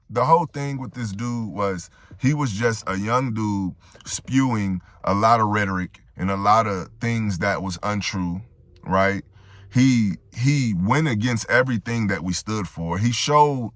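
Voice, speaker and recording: A man's voice: lowish voice, fairly bright tone, no echo. A man giving a reaction commentary monologue, making rhetorical points and often tagging them with "right?".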